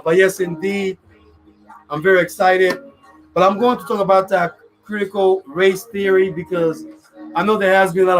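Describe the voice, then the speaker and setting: A man's voice: high voice, low-quality recording. A man hosting a live radio show, talking loosely and casually, full of "you know what I'm saying" fillers.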